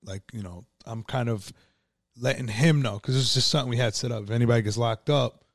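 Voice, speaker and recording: A man's voice: mid-range voice, brisk, no room sound, studio quality. A man telling his own story in a casual, profane, streetwise way, full of "like" and "you know".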